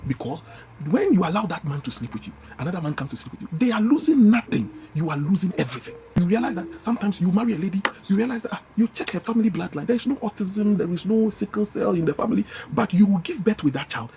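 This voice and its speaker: A man's voice: high-pitched, sing-song, quick pace, dark tone, a little hiss or hum. A man preaching with a Ghanaian English accent, scolding his congregation emphatically and repeating key phrases. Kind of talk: fiery sermon.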